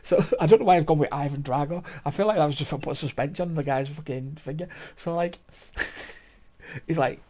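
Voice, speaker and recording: Mellow and on the high side, this young man's voice moves a little fast as he hosts a podcast. His casual storytelling meanders, with swearing, frequent laughs and plenty of restarts.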